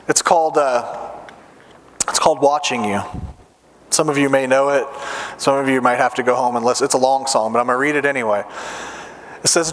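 A man's voice: mid-range voice, a little fast, pauses often, a bit bright. A middle-aged man preaching a sermon to fathers, earnestly putting direct questions to his listeners. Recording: long reverb of a large hall.

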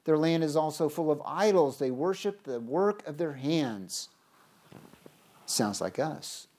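A preacher giving a sermon, reading scripture aloud emphatically with big swings in pitch and loudness, often restarting words. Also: expressive, measured pace. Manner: stumbles and restarts words mid-phrase.

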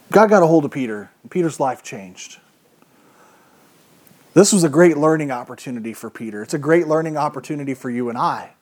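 A man's voice: fairly high pitch, mellow. Emphatic man preaching a sermon. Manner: conversational, emphatic, rhetorical questions.

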